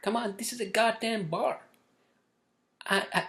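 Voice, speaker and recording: A man's voice: a little high, very animated, a little fast. A man telling a story in a casual rant, exasperated, swearing often and restarting his sentences. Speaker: vlogger. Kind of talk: casual ranting monologue. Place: city where he lives.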